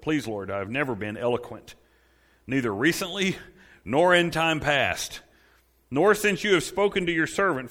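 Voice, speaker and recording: Man preaching a fervent sermon. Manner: builds to loud, high-pitched emphatic preaching. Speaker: pastor.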